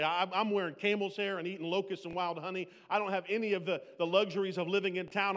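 A man with a high voice preaches a sermon. He swings from loud, pleading bursts to hushed, drawn-out lines. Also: long reverb tail. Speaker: pastor.

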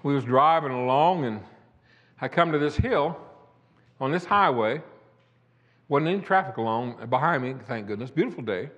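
A man's voice: mid-range voice, lively intonation, normal speed, pauses often, a bit bright, lo-fi sound. An older man preaching a sermon, telling a personal testimony in a folksy, emphatic way. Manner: folksy, rising to emphatic declamation. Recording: echoey hall.

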